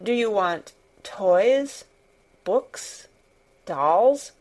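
A woman voicing a tired, distracted middle-aged gentleman who speaks in a worried, absent-minded way. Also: medium pitch, expressive, drawn-out words. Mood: weary.

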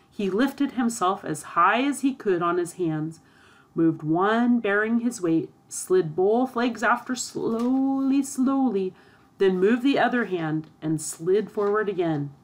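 A woman narrating a storybook aloud in a steady, expressive reading. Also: lowish voice.

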